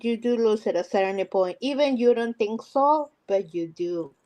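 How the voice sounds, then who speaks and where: A woman's voice: a little high, expressive, moderate pace, dark tone. A woman co-hosting a casual live chat, chiming in with short remarks and questions. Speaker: co-host.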